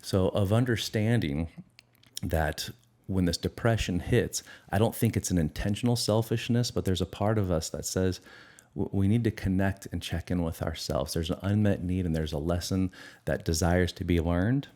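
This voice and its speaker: A man's voice: low voice, moderate pace, a little mellow. A middle-aged man answering interview questions in an earnest, reflective way, sometimes acting out his inner dialogue. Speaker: guest, addiction recovery expert.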